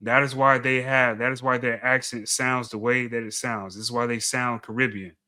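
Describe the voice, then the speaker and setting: A man's voice: mid-range voice, little pitch movement, normal speed, sharp tone. A man giving blunt, dismissive commentary, often repeating himself as he argues. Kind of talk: opinionated commentary video.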